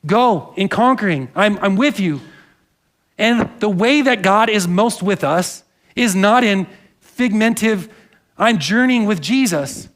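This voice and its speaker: Pastor, male, high-pitched; earnest conversational sermon with congregation asides. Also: animated, slow. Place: church sanctuary.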